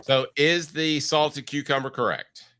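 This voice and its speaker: A man's voice: a little high, steady tone, unhurried, pushed and bright, clear, resonant tone. A man hosting a sports podcast, congested from allergies with a froggy voice, talking in an opinionated, emphatic way. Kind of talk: casual sports talk.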